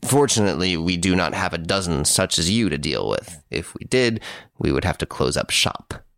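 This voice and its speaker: A man's voice: deep voice, expressive, moderate pace, vocal fry, a bit bright, dry recording, studio quality, full character voice. A man voicing a blunt, incredulous police detective sparring with a clever prisoner. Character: gruff, baffled middle-aged police detective, male.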